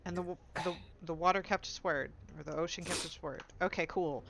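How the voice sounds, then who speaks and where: A woman playing in a tabletop game, asking quick eager questions. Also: on the low side, fairly even intonation, creaky, noisy background. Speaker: player. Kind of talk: casual tabletop play.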